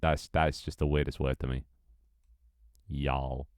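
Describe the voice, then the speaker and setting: A man's voice: rumbling low, little pitch movement, brisk, smooth, dry recording, studio quality. A young British man with a British accent, chatting casually on a live stream, reading chat and joking with some swearing. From Britain. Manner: chatty, reads chat aloud, swears, laughs often.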